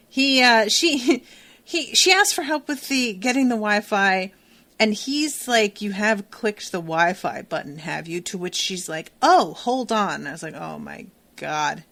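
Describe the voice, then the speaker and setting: A woman's voice: mid-range voice, animated, slow pace, fairly bright tone. A woman co-hosting a podcast, chatting casually and retelling scenes with acted-out quotes and frequent laughs. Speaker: podcast co-host. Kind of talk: casual chat recapping a TV episode.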